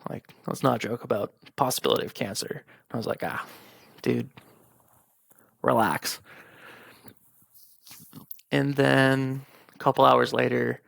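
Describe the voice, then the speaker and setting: Gravelly-voiced young man telling a story. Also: mid-range voice, a bit bright, no room sound. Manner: frank and profane, retelling conversations. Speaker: podcast host. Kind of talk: candid personal storytelling.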